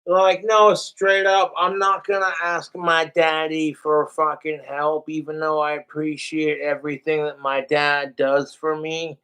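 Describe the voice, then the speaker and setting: Slow-talking, profane young man streamer. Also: a little high, flat delivery, sharp tone, smooth. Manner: profane, rambling, frustrated. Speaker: livestreamer. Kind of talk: casual live-stream monologue. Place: at home.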